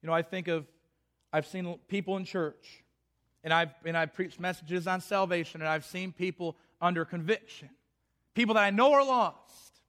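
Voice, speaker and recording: This impassioned preacher keeps circling back to the same phrases and frequently starts his sentences over. He speaks at a moderate pace in a high, slightly bright voice.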